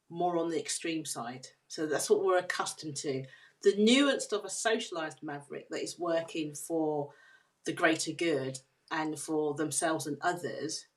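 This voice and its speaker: A woman guest on a podcast interview, explaining her ideas on leadership in an earnest, measured way. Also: sits low. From United Kingdom.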